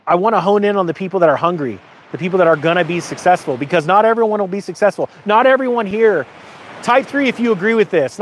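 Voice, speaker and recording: A man talking casually to his viewers, telling an animated personal story and asking the audience motivational questions. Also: a little hiss or hum. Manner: animated storytelling, rises in pitch for quoted lines. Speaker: host.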